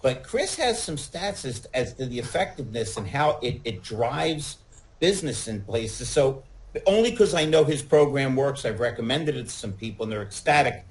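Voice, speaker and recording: A man with a middle-pitched voice chats on a podcast. He jokes freely, tells little stories and throws in lively asides. His delivery is relaxed and conversational. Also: normal speed, low-quality recording. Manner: joking, storytelling, animated asides. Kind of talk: casual podcast chat.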